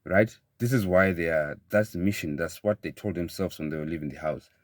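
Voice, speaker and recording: A man giving a motivational talk in an emphatic way, often repeating phrases and building to excited bursts. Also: sits low, a little fast, dry recording, studio quality. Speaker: motivational speaker.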